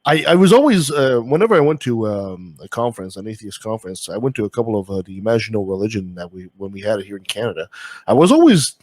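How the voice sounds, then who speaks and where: A man hosting a podcast, telling stories in a casual, animated way, laughing as he goes. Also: lowish voice, fast, no echo. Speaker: podcast host. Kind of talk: casual chat.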